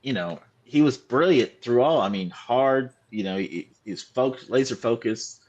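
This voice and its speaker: Halting man in casual chat. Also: mid-range voice, expressive, a little mellow, dull audio. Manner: halting, repeats words.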